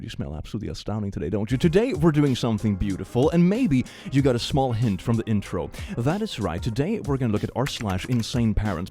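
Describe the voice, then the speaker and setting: A man's voice: medium pitch, a little mellow. A man hosting comedic reaction commentary in a playful, sarcastic manner, laughing often. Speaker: host.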